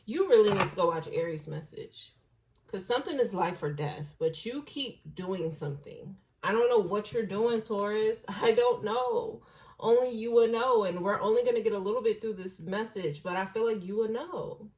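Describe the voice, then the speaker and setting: A woman's voice: medium pitch, moderate pace, low-quality recording. Casual, blunt woman reading tarot. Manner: musing, drifts into soft hushed asides; slangy and blunt, with occasional swearing. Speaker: tarot reader.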